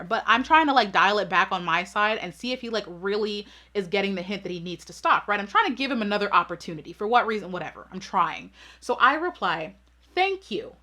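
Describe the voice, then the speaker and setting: Female vlog host for a storytime, sassy and emphatic, bright and forward tone. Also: medium pitch. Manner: sassy, emphatic, keeps asking "right?". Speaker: channel host.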